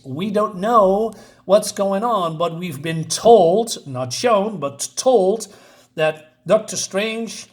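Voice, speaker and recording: A man talks through a comic book review in a loose, casual way, often hesitating with fillers and side remarks. His voice sits somewhat high for a man.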